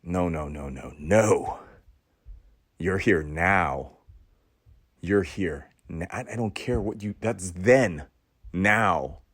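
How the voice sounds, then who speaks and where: A man with a very low voice delivers an intense, preachy monologue, hammering words by repeating them. He lurches from loud bursts down to hushed murmurs. The sound is close and dry, with no room echo. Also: slow, pauses often, husky. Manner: swings between loud outbursts and hushed, low passages. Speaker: podcast host. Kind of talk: impassioned spoken monologue.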